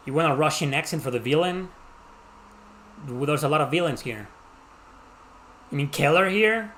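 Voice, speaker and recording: A man's voice: fairly high pitch, animated, normal speed, fairly bright tone, a little hiss or hum. Mexican man doing casual game commentary. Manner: casual, joking, teases the game's characters. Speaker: game streamer. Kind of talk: live gameplay commentary.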